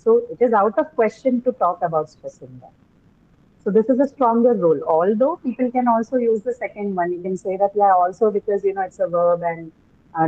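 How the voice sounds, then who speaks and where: A woman's voice: medium pitch, phone-quality sound. A woman teaching English pronunciation in a class, explaining patiently and often checking in with "right?". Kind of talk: classroom lecture on word stress.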